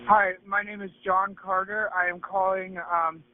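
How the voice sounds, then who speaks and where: A man's voice: high-pitched, level tone, measured pace. A nervous young man making an emergency phone call, stumbling and restarting his words. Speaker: caller to emergency line.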